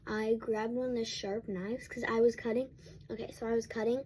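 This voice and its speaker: A woman's voice: on the high side, flat delivery, a little fast, a little mellow, a little hiss or hum. Rambling young woman telling a storytime. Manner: rambling, with many restarts and fillers. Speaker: vlogger. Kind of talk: casual storytime while getting ready.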